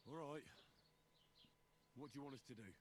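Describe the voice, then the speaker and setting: An actor playing a polite, willing young peasant hero in a video game. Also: male voice, medium pitch, moderate pace, slight background noise, lightly acted. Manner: polite, agreeable, understated.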